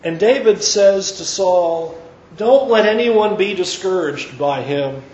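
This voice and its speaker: A man preaching, retelling a story with lively, acted-out dialogue. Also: high voice, takes it slowly, echoey room, dull audio. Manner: animated retelling, acting out quoted characters. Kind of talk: sermon storytelling.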